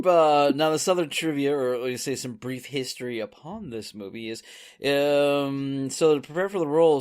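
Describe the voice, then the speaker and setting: A man hosting a podcast, reading movie trivia in casual chat and laughing often. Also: medium pitch. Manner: reads trivia with frequent laughs. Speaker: podcast host.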